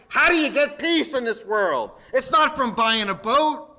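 A man's voice: very high voice, big pitch swings, unhurried, pushed and bright. A man, a pastor, preaching a sermon in a folksy, emphatic way with jokes.

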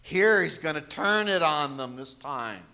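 A man preaching a sermon as pastor, moving between loud shouted calls and quiet asides. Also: a little high, expressive, a little slow, vocal fry, smooth.

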